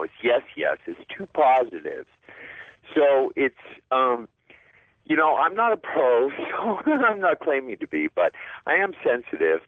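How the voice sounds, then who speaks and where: A man's voice: mid-range voice, dry recording. Rambling male caller on a phone line. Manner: rambling, quick restarts, laughs mid-sentence. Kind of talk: phone-in talk.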